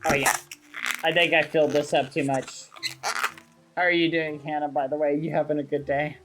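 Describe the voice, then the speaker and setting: Over background music, a man streams live and chats casually in a fairly high, level voice at normal speed. He sounds fretful and nervous, mildly cursing with "fudge."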